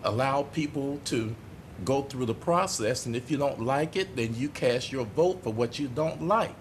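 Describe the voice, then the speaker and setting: A man's voice: medium pitch, slight background noise. Impassioned, tearful man at a council meeting. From United States. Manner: impassioned, halting, apologetic. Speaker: city commissioner. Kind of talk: emotional speech at a council meeting. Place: city commission chamber.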